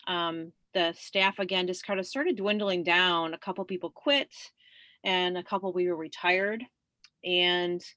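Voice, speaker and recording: Bright-voiced woman telling her story. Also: mid-range voice, dry recording. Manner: chatty, laughs often, many fillers. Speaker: guest. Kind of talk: conversational storytelling.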